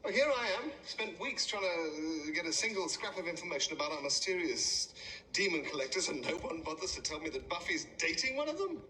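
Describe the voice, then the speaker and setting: An actor playing a frustrated middle-aged mentor who has been left out, speaking with indignant sarcasm in a TV drama. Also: male voice, on the high side, sing-song, fairly quick, sharp tone, slight background noise, low-quality recording. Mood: sarcastic. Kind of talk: TV drama acting.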